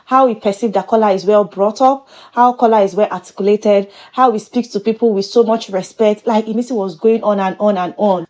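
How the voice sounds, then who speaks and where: A woman's voice: medium pitch, animated, fast talker, a little mellow. A woman recaps a reality show in a chatty gossip style. She is playful and full of exclamations. Her voice swings up and down a great deal. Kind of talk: casual gossip commentary.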